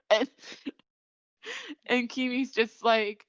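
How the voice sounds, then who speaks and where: A woman's voice: mid-range voice, normal speed, clean tone, no echo. Giggly young woman retelling a show. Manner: giggly, animated storytelling. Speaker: podcast host. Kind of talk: casual chat recapping an anime episode. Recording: dull lo-fi audio.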